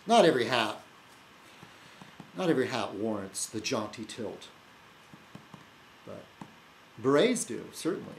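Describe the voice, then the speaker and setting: A man's voice: mid-range voice, sing-song, a little hiss or hum, poor audio. Rambling, teasing male video blogger. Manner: halting, many fillers and restarts, teasing, chuckling. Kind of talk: rambling casual vlog chat.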